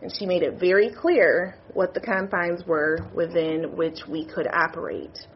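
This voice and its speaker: A woman's voice: fairly low pitch, steady tone, unhurried, dull audio, slight background noise. Tearful woman trustee apologizing. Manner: emotional, apologetic, tearful confession. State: crying. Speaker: university board trustee. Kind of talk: public board meeting statement. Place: meeting room.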